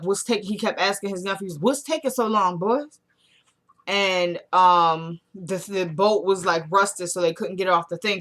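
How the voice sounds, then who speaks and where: A woman giving a casual, animated vlog recap of a TV episode, acting out the characters' lines in a frank, exclamatory way. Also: on the low side. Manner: animated storyteller who acts out quoted lines. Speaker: TV episode reviewer.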